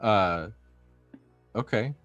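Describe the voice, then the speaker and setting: A man's voice: on the low side, very slow, a bit bright, no echo, dull audio, soft background music. A man player apologizing and fumbling his words during a tabletop game. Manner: apologetic, flustered.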